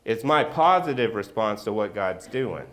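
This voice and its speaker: Animated storytelling pastor, man. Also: lowish voice, normal speed. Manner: animated storyteller, acts out scenes with loud outbursts. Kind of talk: sermon with a personal story. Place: church sanctuary.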